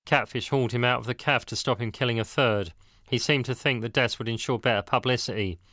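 A man's voice: medium pitch, fairly even intonation, fairly quick, bright, forceful tone, dry recording, clean studio sound, close to an everyday voice. A man reading as a tearful, pleading young woman.

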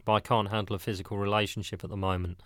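A man's voice: lowish voice, level tone, rapid-fire, fairly bright tone, no room sound, clean studio sound, lightly acted. A man doing a sobbing young woman. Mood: tearful. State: crying. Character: tearful distressed young woman, girlfriend.

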